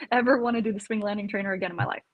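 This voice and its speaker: A woman, an army career counselor, chatting casually and telling animated stories with frequent laughs. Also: medium pitch, racing, poor audio. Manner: animated storyteller, laughs often. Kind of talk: casual podcast chat.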